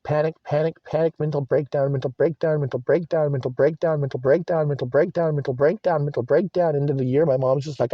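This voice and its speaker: A man's voice: a little high, steady tone, brisk, few pauses, no echo. A young man venting in a rambling, agitated monologue from inside his car, swearing and repeating himself. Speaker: vlogger. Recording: dry, muffled lo-fi recording.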